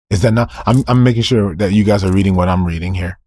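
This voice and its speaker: A man's voice: low voice, fast, few pauses, a little mellow, no room sound. A male preacher delivering a sermon, emphatic, firing off rhetorical questions, answering them himself and repeating key phrases.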